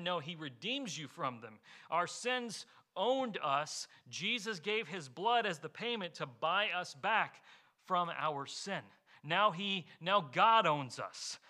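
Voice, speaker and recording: A man's voice: sits high, bright, forceful tone. A man pastor preaching a sermon in an earnest way, asking rhetorical questions and explaining with homely examples.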